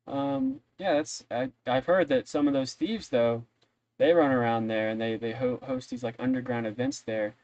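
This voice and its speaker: A man's voice: medium pitch, sing-song, normal speed, vocal fry, a little mellow, no echo, dull audio. A man voicing a friendly, gossipy woman innkeeper who rambles with many fillers. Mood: chatty.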